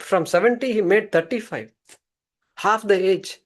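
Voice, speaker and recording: Animated man telling a story. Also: high-pitched, unhurried. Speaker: teacher. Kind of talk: storytelling in a scripture class.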